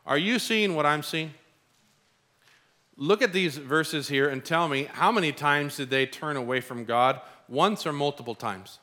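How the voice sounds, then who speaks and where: A man's voice: fairly high pitch, a little slow. A middle-aged man preaching a sermon as pastor, telling stories and acting out quoted voices. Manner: animated storytelling, acts out quoted voices.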